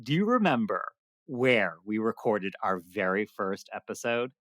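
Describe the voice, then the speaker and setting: A woman's voice: a bass voice, big pitch swings, unhurried, dry recording, clean studio sound, full character voice. A woman playing an eager podcast co-host who hams up a clumsy put-on Australian accent and stumbles over words in a comedic audio drama. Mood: boastful.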